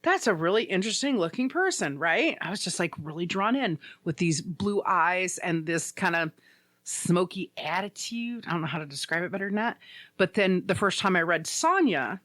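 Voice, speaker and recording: Female podcast co-host: animated, chatty, bouncy intonation, dry close recording. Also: on the low side, moderate pace, no echo. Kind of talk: casual chat.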